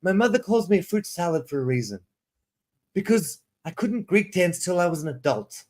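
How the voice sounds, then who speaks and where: A man's voice: high voice, animated, moderate pace, darkish tone. Male teacher, 30s, raised voice, loose rambling livestream chat. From South Africa. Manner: rambling, restarts sentences, reads prompts aloud. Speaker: ESL teacher and streamer.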